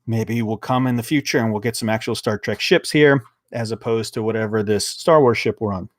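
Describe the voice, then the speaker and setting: A man's voice: on the low side, brisk, no room sound, studio quality. Rambling, swearing man reviewing TV. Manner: rambling, swears freely, many fillers and restarts. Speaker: podcast host reviewing a TV episode. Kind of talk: casual review chat.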